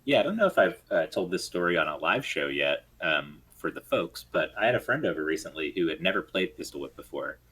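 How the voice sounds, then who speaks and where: A man's voice: sits low, brisk, hardly any pauses, breathy edge. A man co-hosting a live gaming stream, chatting casually and drifting into tangents. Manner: rambling storyteller, lively and tangential. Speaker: podcast co-host.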